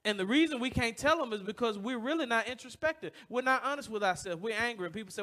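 This church pastor has a very high voice and talks quickly, hardly pausing. During his sermon to the congregation he shares a personal story, throws out rhetorical questions, and breaks into loud bursts while acting out others' voices.

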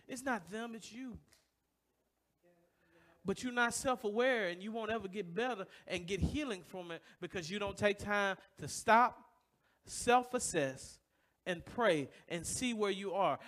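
Man, pastor, sermon, high voice, rhetorical questions. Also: moderate pace. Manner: storytelling, rhetorical questions to the congregation; acts out voices in stories, loud bursts. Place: church.

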